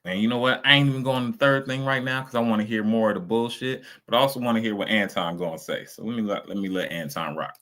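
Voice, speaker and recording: A man's voice: lowish voice, fast, hardly any pauses, fairly bright tone. A man, reacting to videos on a stream. He talks in a blunt, casual way, profane and mocking. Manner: blunt, profane, mocking, acts out quoted voices.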